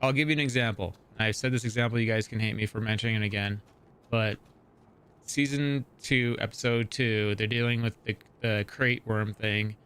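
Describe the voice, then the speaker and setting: A man hosting a live gaming stream, chatting casually and excitably, with strong opinions. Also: lowish voice, normal speed, smooth. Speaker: livestream host.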